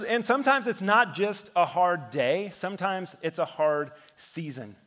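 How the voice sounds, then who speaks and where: Pastor, thirties, higher-pitched man; storytelling sermon with quiet hushed drops, long hall reverb. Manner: storytelling preacher who drops to a hush for effect.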